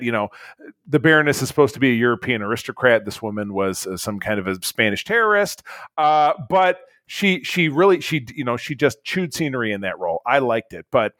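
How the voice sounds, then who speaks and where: A man's voice: medium pitch, a bit bright, no room sound. A man co-hosting a casual chat, reviewing a movie in a blunt, rambling way with lots of fillers and restarts. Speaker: podcast co-host, movie reviewer.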